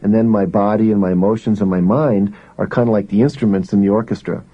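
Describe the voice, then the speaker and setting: A man's voice: fairly low pitch, fairly even intonation, fast talker, mellow, highs cut off. A man giving a live self-help seminar to a room full of people, talking conversationally and asking the audience questions. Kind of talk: live motivational seminar talk.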